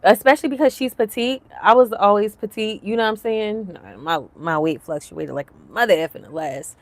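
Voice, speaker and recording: A woman in her thirties hosting a live commentary stream, chatty and animated, laughing often, with lots of fillers. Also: mid-range voice, a little fast, no room sound. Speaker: livestream commentary host. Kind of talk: casual commentary chat.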